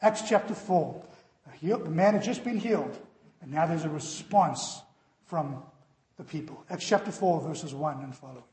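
A man preaching a sermon and telling a lively story, acting out the voices in it. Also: fairly high pitch, moderate pace. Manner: animated, acts out story voices. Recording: echoey hall.

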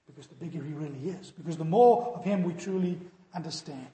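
A male pastor delivers a sermon in a high, ringing voice. He swings between forceful emphasis and hushed, dramatic drops. The sound carries a long, roomy echo from the hall. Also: brisk, a little hiss or hum. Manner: preaching with rising emphasis and quiet dramatic drops. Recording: echoey hall.

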